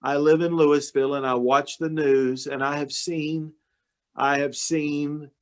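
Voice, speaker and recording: A man's voice: fairly high pitch, steady tone, normal speed, darkish tone. Folksy man telling a story. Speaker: county judge. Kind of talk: informal talk to a club meeting.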